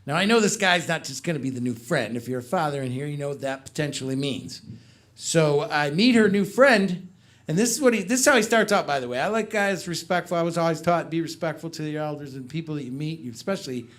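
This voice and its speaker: A man's voice: a little high, quick pace. A middle-aged man doing a stand-up comedy set on a club stage, telling stories and joking with the crowd. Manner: animated storytelling with crowd work.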